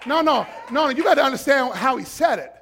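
High-pitched preacher shouting to a crowd. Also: male voice, fast, creaky. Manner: shouting, animated storytelling with playful voices. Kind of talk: sermon.

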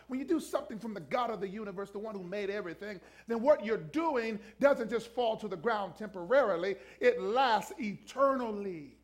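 A man's voice: high voice, expressive, moderate pace, few pauses. A man preaching a sermon as pastor, emphatically urging the congregation to repeat lines after him. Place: church.

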